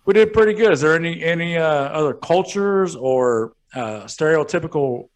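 A man's voice: fairly high pitch, expressive, normal speed. A young man co-hosting a podcast, rambling and swearing through crude banter, laughing often. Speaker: podcast co-host.

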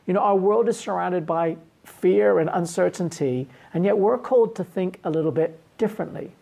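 Earnest woman pastor, husky and fairly low, preaching with frequent restarts. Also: moderate pace, mellow. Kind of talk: sermon.

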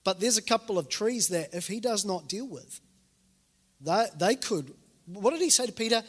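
This man's voice sits high and sounds husky, moving at a normal speed. He's a pastor from New Zealand, in his 40s, giving an animated sermon in a reverberant church hall and performing the quoted voices in his stories.

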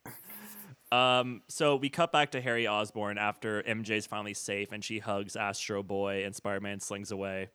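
A man's voice: fairly low pitch, flat delivery, moderate pace, bright, forceful tone, clean tone. A man co-hosting a podcast, chatting casually as he retells a movie scene by scene and dips into quoted voices. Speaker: podcast co-host. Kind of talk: casual chat recapping a movie.

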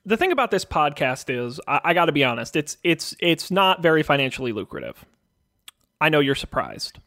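A man's voice: a little high, very animated, a little fast, pushed and bright, dry recording, clean studio sound. A man co-hosting a podcast, rambling and joking in casual banter. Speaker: podcast co-host.

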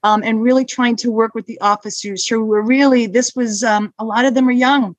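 Lively woman in casual interview, higher voice, dry close sound, acts out quotes as she tells stories. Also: fairly quick, dry recording, highs cut off. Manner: lively storyteller who acts out quoted exchanges. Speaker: hospital security manager, podcast guest.

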